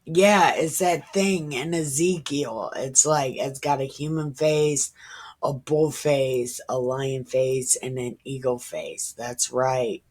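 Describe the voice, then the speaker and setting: Slow, musing woman in her thirties. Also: very deep voice, fairly even intonation, a little mellow. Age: 30s. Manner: musing, irreverent, slips into whispers. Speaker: Bible reader. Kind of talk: casual Bible reading with commentary.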